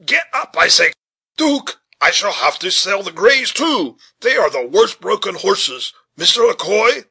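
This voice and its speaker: A man voicing an agitated, vain gentleman who shouts and fusses in a storybook reading. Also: high voice, big pitch swings, measured pace, slightly rough, voice pushed up, full character voice. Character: flustered, vain gentleman driving a sleigh.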